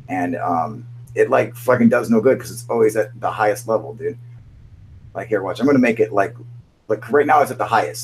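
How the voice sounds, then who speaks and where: Man, young adult, low voice, casual livestream chat, profane, rambling, faint hum. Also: rough recording. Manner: profane, rambling, frequent "dude" and laughter. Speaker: host.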